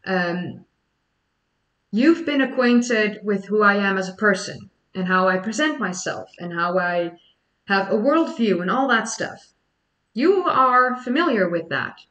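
Dutch woman, young adult, mid pitch, casual chatty livestream host, sitting back from the mic. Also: lively intonation, unhurried, fairly bright tone, far from the mic, rough recording. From Netherlands. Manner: chatty, explains at length. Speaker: history YouTuber. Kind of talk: casual livestream chat answering questions.

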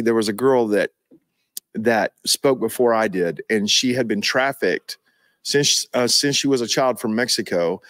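A man's voice: medium pitch, dry recording. Male pastor in live Q&A, emphatic and emotional, dry close mic. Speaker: pastor and ministry leader. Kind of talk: live Q&A preaching.

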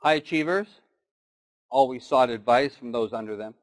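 A man's voice: mid-range voice, normal speed, rough recording. A man giving a motivational keynote talk, telling stories and doing short animal voices. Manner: storytelling with acted animal voices. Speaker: keynote speaker.

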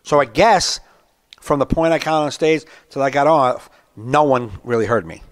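Man, thirties, comedian podcast host, animated storyteller, dry close sound. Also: medium pitch, normal speed, no echo. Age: 30s. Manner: animated storyteller, acts out rants. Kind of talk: casual podcast chat.

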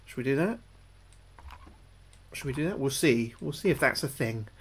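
A British man streaming a game live, talking through each move, often repeating himself, thanking his viewers and getting jumpy and loud when spooked. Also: mid-range voice, animated, moderate pace, a little hiss or hum. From United Kingdom. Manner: chatty, repeats his own phrases, thanks viewers between moves. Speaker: gaming livestreamer. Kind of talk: live gameplay commentary.

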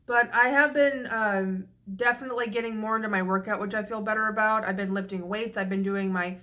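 A woman's voice: mid-range voice, steady tone, fairly quick, pushed and bright. A young woman vlogging, venting frankly and profanely in a rambling casual monologue with frequent restarts, a little tipsy. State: slightly tipsy.

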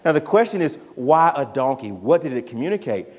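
A man's voice: on the high side, big pitch swings, fairly quick, a little mellow, in a large hall. A man, a pastor preaching a sermon in a conversational, emphatic way that drives points home through repetition. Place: church sanctuary.

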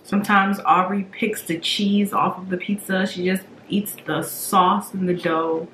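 A woman's voice: medium pitch, level tone, measured pace, a bit bright. A woman, a mother hosting a family eating video, chatting casually between bites, chewing carefully on sore teeth and murmuring as she eats. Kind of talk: casual mukbang chat while eating. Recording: roomy sound with faint background noise.

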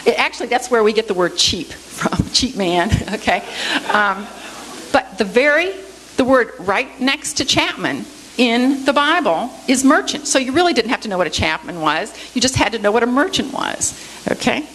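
A woman's voice: a little high, big pitch swings, normal speed, fairly bright tone, slight background noise, rough recording. A woman giving a church Bible study lecture, explaining word meanings and checking in with her listeners with a frequent "okay?", with light self-deprecating humor.

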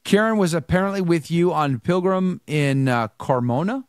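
A man's voice: fairly high pitch, moderate pace, clear, resonant tone, no echo, studio quality. A man hosting a live show, greeting viewers by name and chatting with a priest guest. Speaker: host. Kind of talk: livestream greetings and chat.

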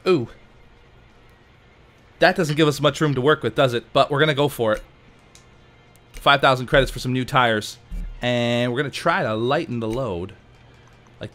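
A man casually commenting while playing a racing game, chatty and jokey with sudden excited outbursts. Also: medium pitch. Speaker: let's play host.

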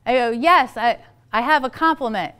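A woman giving a storytelling talk on parenting to an audience, animated and acting out the voices she quotes. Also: on the high side, normal speed, smooth. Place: event hall.

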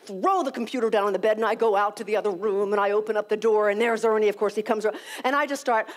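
A woman giving a motivational talk to young professionals, telling a personal story in an animated, frank and self-deprecating way, often acting out her own past words. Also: mid-range voice, fast talker. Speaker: speaker at a leadership conference.

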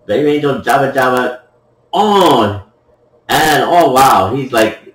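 A man's voice: medium pitch, lively intonation, slow, long pauses, a bit bright. A man giving playful, joking commentary over a game replay, laughing at his own jokes, in an echoey room with the mic at a distance. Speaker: gameplay commentator.

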